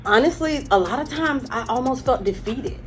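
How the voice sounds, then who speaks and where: Candid, higher-voiced woman guest. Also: animated, moderate pace, soft background music. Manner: candid storytelling, breaks into laughter retelling. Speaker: interview guest, firearms instructor. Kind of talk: casual interview.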